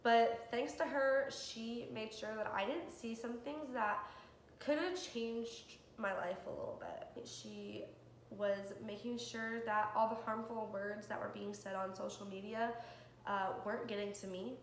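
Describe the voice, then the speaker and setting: A woman's voice: on the high side, steady tone, measured pace. Earnest young woman vlogging in an echoey room. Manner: candid and earnest, with soft laughs and ums. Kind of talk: personal vlog, answering questions to camera. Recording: echoey room with faint background hiss.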